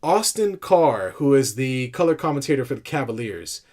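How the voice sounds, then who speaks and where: Brief: male sports podcast co-host, medium pitch, animated ranting delivery. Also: normal speed, a crowd in the background. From California. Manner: animated, ranting, lots of restarts and laughs. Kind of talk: casual sports talk.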